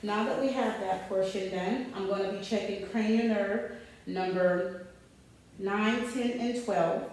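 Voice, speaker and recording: A woman with a middling pitch works methodically through a clinical exam at a measured pace, calmly narrating each finding aloud as a physical assessment demonstration. She gives the patient short, polite instructions. Her voice is picked up from a distance and echoes heavily around the room.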